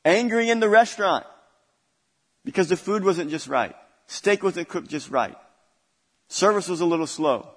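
A man delivers a sermon as pastor, his voice sitting a little high. He drives his points home by repeating phrases with growing force. The sound rings out in a hall with a long echo. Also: lively intonation, normal speed, husky. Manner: preaching with rising intensity and repetition.

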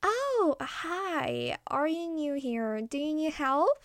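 Storybook deer, vain and easily offended, read by a woman; voice sits a touch high, dry close recording. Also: animated, a little slow, a little mellow, dry recording. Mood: kindly. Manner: friendly, then indignant and vain. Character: kind, then huffy proud female deer.

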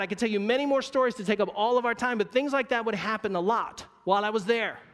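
A man with a high voice delivers a sermon in a big hall whose sound rings on long after each phrase. He tells a personal story the way he would chat, with wry asides, and sinks to a hushed voice to land his points. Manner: conversational, wry storyteller with sudden quiet drops for emphasis. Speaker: preacher.

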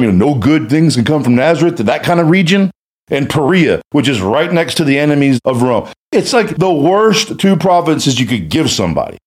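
Male guest speaker; animated, colloquial Bible teacher with a raised, expressive voice. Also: fairly high pitch. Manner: animated, colloquial, acts out quotes.

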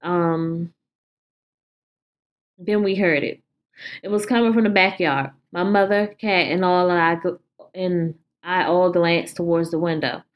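Woman, lowish voice, casual horror story reader, informal, stumbles. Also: steady tone, unhurried, long pauses. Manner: informal, stumbles and swears while reading.

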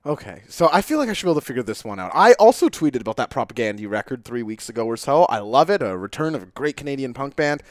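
A young man co-hosting a wrestling podcast, guessing answers in an excitable, animated way and cursing when he misses. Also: medium pitch, quick pace, hardly any pauses, no room sound, studio quality. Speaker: podcast co-host. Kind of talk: casual chat, guessing game.

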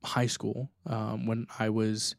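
A man's voice: on the low side, monotone, slow, gravelly, dry recording, studio quality. A young man chatting casually, hesitant, with many filler sounds. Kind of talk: casual conversation.

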